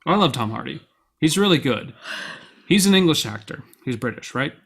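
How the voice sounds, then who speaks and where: A young man co-hosting a podcast, chatting casually and excitedly, rambling and swearing freely. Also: a little high, normal speed, vocal fry, breathy edge. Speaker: podcast co-host. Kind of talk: casual chat.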